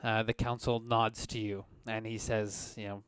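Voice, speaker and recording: A man's voice: lowish voice, little pitch movement, moderate pace, hardly any pauses, a bit bright, smooth, no echo. A man acting as game master, narrating scenes and speaking for council members and guards.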